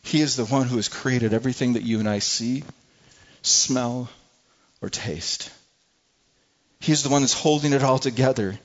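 A man preaching a sermon to a congregation with passion, swinging from soft, low moments to loud, high pleas and often repeating words. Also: moderate pace, pauses often, lo-fi sound. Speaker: pastor.

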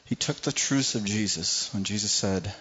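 A man's voice: lowish voice, normal speed, fairly bright tone, breathy edge, lo-fi sound. A male pastor preaching a sermon to a congregation, speaking conversationally, repeating words and asking the room questions. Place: church service before a congregation.

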